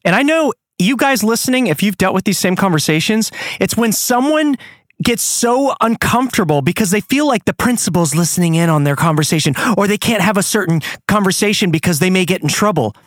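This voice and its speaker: Man, angry rant, profane, lively pitch, dry sound. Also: fairly quick, no echo. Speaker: podcast host. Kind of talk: ranting monologue.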